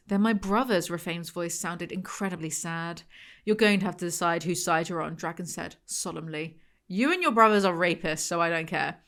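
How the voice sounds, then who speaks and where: A woman's voice: mid-range voice, fairly bright tone. A young woman, reading a novel aloud and breaking off for sarcastic, mocking commentary. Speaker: book reviewer.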